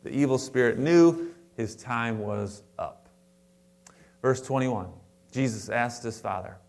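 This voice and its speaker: A man preaching a sermon to his congregation in a conversational way, with restarts and asides, stressing words in sudden louder bursts. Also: medium pitch, unhurried, vocal fry. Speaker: pastor. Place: church sanctuary before a congregation.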